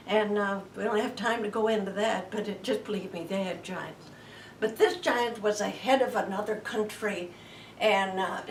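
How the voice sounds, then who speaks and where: Woman teaching bible stuff real slow and folksy, kinda high voice, sounds far from the mic in a roomy space. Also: slight background noise. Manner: homey and chatty, dropping to hushed tones.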